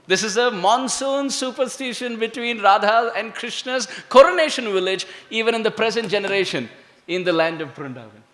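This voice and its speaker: A man giving an animated devotional talk, drawing the audience into call and response. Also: high voice, normal speed, slight background noise. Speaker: devotional speaker. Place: temple hall. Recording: echoey hall.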